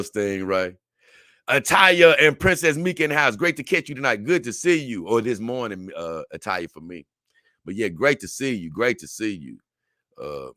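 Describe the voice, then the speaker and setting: A man's voice: lowish voice, moderate pace, a bit bright, no room sound, clean studio sound. A man hosting a casual livestream, reading out viewer comments and answering them in loose, repetitive, slang-heavy talk.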